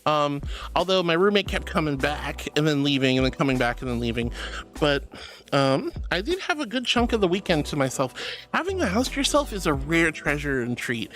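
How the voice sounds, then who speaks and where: Animated streamer, sweet-talking chat. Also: brisk. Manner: affectionate, calls viewers sweetie and honey; animated, jumps between high squeals and low mutters. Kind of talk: casual chat reading out viewer messages.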